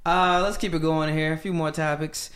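A man's voice: fairly high pitch, steady tone, normal speed, a bit bright. A young man hosting a casual sports podcast, joking and reading quotes aloud with running commentary. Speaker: podcast host.

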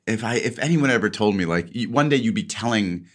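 Middle-aged male podcast host, very low voice, chatty and self-deprecating, laughs easily. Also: lively intonation, fairly quick. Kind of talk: casual podcast chat, reading a listener letter.

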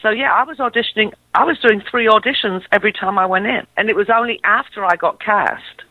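An English actress in her fifties with a mid-Atlantic accent, telling stories in a casual interview. She is animated and uses many fillers and restarts. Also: medium pitch, fast talker, no echo. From England. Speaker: actress guest. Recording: dull, dry lo-fi recording.

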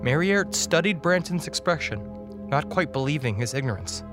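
A man as guest preacher, reading a dark comic story in a wry, dramatic way. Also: on the high side, lively intonation, normal speed. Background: music.

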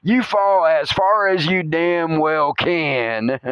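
A man's voice: fairly high pitch, very slow, highs cut off, slight background noise. A man hosting a comedy podcast, telling a rambling, cursing story, laughing often and humming movie music. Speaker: podcast host. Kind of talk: comedic monologue.

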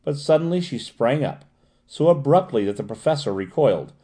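A man narrating a classic novel as an audiobook reader, steady and expressive. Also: mid-range voice, fairly quick. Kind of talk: scripted narration.

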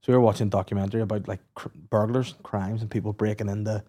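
A man's voice: fairly low pitch, steady tone, racing, dark tone. A man with a Northern Irish accent, hosting a comedy podcast and telling crude, rambling anecdotes full of swearing. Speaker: podcast host. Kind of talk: casual comedy banter.

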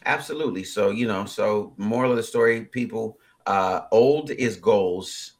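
Husky, rambling man in his forties. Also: on the low side, moderate pace. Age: 40s. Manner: rambling, filler-heavy, animated bursts. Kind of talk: casual chat.

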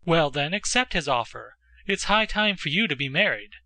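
A sharp, sarcastic countess mother, voiced by a man reading a storybook, brushing things off with cutting remarks. The tone is bright and dry, close to the mic. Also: fairly high pitch, expressive, unhurried, no echo.

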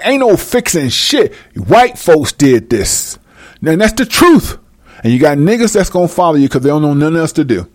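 A man's voice: on the high side, a little mellow, dry recording, clean studio sound. A man delivering a heated, profane monologue rant, speaking emphatically to his viewers.

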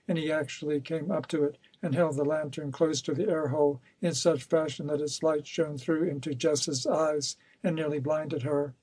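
Male audiobook reader: steady, measured narration, slightly high-pitched, dry close-miked sound. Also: husky, no room sound, rough recording. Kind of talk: scripted narration of a novel.

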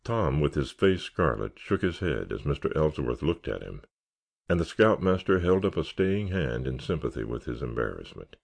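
A man narrates a story with steady storytelling. His voice sits very low with a gravelly rasp, and his pitch moves in lively swings through each sentence. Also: moderate pace. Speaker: audiobook narrator. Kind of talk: scripted narration.

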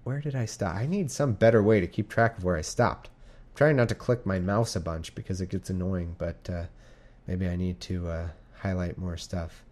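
A man's voice: sits low, moderate pace, a little mellow. A man casually reading scripture aloud and commenting in a rambling, irreverent way, often swearing and stumbling over names. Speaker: reader and commentator.

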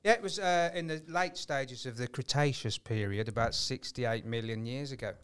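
A man's voice: medium pitch, normal speed, fairly bright tone, smooth. A man co-hosting a podcast in casual chat, reading facts aloud. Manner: reads facts aloud, chuckles. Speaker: podcast co-host.

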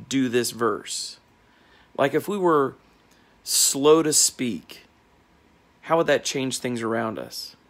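Middle-aged male coach, gravelly, earnest casual reflection. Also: mid-range voice. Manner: earnest, musing, rhetorical questions. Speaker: life coach.

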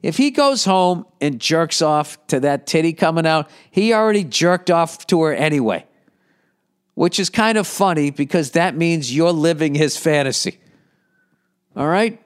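A man's voice: on the high side, animated, unhurried, clear, resonant tone. A man hosting a casual advice podcast, talking in a blunt, profane, rambling way. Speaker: podcast host answering listener questions.

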